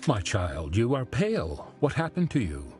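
A solemn old priest. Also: male voice, lowish voice, wildly swooping pitch, a little mellow, faint music behind. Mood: kindly. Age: older. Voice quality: slow, grave, kindly. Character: old male town priest, gentle and solemn. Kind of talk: video game dialogue.

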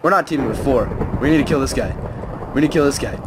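A young man giving excitable, rambling live commentary on his own gameplay as a gaming video host. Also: medium pitch, quick pace, background noise. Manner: excitable, rambling, self-narrating play-by-play. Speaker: gaming YouTuber.

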